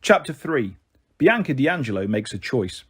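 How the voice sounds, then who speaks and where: Husky, expressive male audiobook narrator. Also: mid-range voice, moderate pace. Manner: expressive, dramatic delivery. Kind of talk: scripted first-person audiobook narration.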